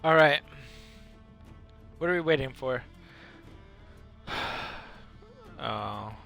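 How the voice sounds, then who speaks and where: A man streaming a game live, chatting casually and reacting excitedly and jokingly to the other players. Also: medium pitch, very slow, vocal fry, faint music behind. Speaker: gaming streamer.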